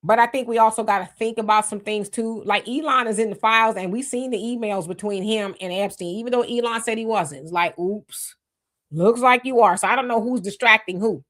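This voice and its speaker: Woman host reading live chat aloud, casual, quick to react, restarts often. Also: a little high, fairly bright tone. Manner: chatty, greets commenters, frequent restarts and laughs.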